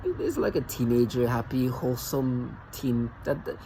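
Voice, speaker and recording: A man's voice: medium pitch, expressive, moderate pace, dark tone, slight background noise, low-quality recording. A man vlogging alone in a rambling, agitated and mocking rant, often stumbling and restarting his sentences. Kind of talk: rambling monologue to camera.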